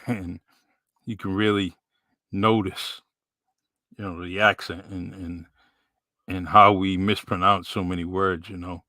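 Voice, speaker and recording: A man with a New England accent hosting a podcast in a relaxed, rambling way with many fillers. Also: low-pitched, a little slow, long pauses, dry recording. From New Bedford, Massachusetts. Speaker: podcast host. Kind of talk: casual live-stream chat.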